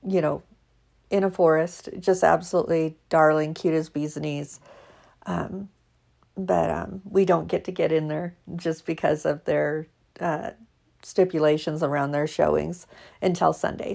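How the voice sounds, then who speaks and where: A middle-aged woman chatting casually to her followers in a chatty, animated way, laughing often. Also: deep voice, gravelly. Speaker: vlogger.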